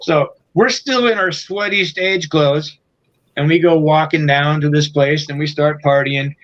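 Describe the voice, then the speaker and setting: A man's voice: a little high, fairly even intonation, unhurried, a bit bright, lo-fi sound. A man guesting on an interview show, telling a profane, rambling tour story in a casual way, full of fillers. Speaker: guest musician.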